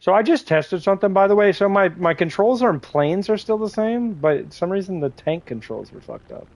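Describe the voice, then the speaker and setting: A man's voice: sits high, expressive, a little fast, darkish tone, low-quality recording. A man chatting casually to his live audience while playing, rambling and joking between moments of gameplay. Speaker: gaming livestreamer.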